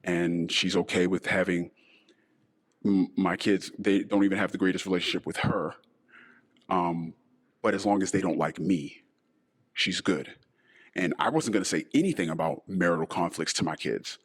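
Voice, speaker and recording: A middle-aged man hosting a personal monologue podcast in a deliberately disguised voice, talking in an emotional, halting way with sighs. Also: sits low, breathy edge. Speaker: podcast host.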